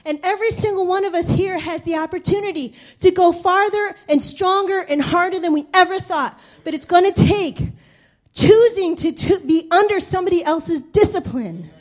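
A woman preaching a sermon, telling a personal story in a lively voice, laughing often and acting out the people she describes. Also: very high voice, normal speed. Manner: animated, laughing, acts out the people in her stories.

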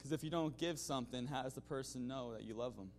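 A man's voice: medium pitch, fast talker, a little mellow, faint music behind. A man giving a spoken testimony to his congregation in a loose, conversational way, full of "you know" fillers, restarts and the odd chuckle. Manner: chuckles now and then. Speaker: church member giving a mission-trip testimony.

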